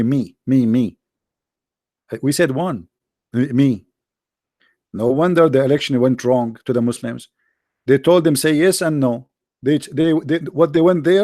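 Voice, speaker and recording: A middle-aged man hosting a livestream, joking sarcastically and reading the chat aloud, in halting non-native English. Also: mid-range voice, darkish tone, no room sound, studio quality. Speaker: livestream host. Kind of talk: casual live-chat banter.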